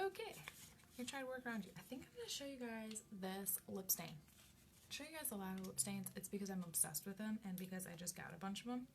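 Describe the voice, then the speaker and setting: A woman hosting a casual live makeup tutorial from home. She chats as she works and often slips into soft half-whispers. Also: medium pitch, animated, fairly quick, noisy background. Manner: chatty, drifts into soft half-whispers, coos at her cat. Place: indoors at home at a makeup mirror.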